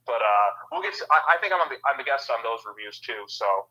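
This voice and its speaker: A man's voice: mid-range voice, animated, fast talker, sharp tone. A young man, a podcast guest, talking on a phone while walking outdoors, a bit out of breath and rambling with many uhs and likes. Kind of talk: casual movie chat. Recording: dull phone-quality audio.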